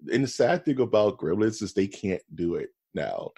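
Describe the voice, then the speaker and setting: A man's voice: on the low side, big pitch swings, normal speed, vocal fry, warm tone, breathy edge, no echo, studio quality. A man co-hosting a podcast in casual chat, laid-back, often saying "dude" and "man". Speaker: podcast co-host.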